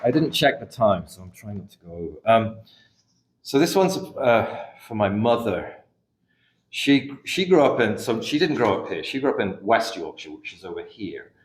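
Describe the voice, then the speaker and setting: A middle-aged man from England, a poet reading his poems in a café with an unhurried, measured delivery and hesitant spoken asides between them. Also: fairly low pitch, big pitch swings, a little hiss or hum. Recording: echoey room recording.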